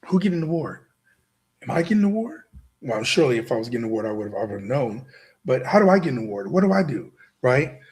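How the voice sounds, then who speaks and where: A show host with a mid-range, slightly mellow voice gives a motivational talk to a live audience, speaking quickly and with great animation. He is emphatic and repetitive, constantly throwing "right?" back at the crowd.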